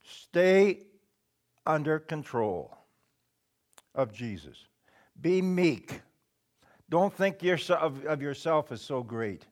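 A man preaching a sermon in a slow, deliberate way, pausing often and clearing his throat now and then. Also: mid-range voice, sing-song.

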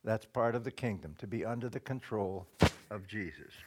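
A man preaching a sermon in a slow, deliberate way, pausing often and clearing his throat now and then. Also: fairly low pitch, lively intonation, very noisy.

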